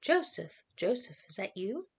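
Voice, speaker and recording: A woman's voice: on the low side, animated, moderate pace. A woman reading aloud as a prying villager who asks probing questions in a raised voice.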